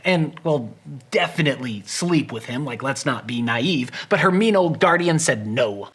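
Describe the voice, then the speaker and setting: A literature explainer giving a casual book summary with wry, chatty asides, dropping to a hushed tone for dark scenes. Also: mid-range voice, lively intonation, moderate pace, husky.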